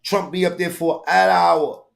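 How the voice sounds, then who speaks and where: Male stream host, slightly high voice, crude, mocking, slangy rambling reactions. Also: steady tone, unhurried, creaky. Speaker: live-stream commentator. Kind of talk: profane reaction commentary.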